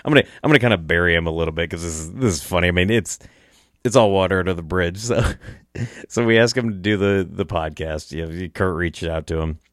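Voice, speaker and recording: A podcast host with a low-pitched voice tells a story briskly and casually, rambling, chuckling, restarting, and swearing. The sound is clean studio quality with no echo.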